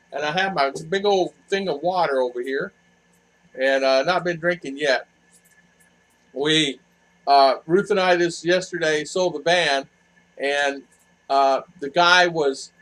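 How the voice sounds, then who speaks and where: A man's voice: on the high side, fairly bright tone, low-quality recording. An older man hosting a casual livestream, chatty and laughing easily as he greets viewers by name. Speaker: livestream host. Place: home in a cool hill town.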